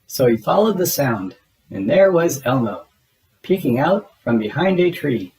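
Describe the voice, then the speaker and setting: A man reading a children's picture book aloud, expressive and unhurried. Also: medium pitch, rough recording. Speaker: read-aloud narrator.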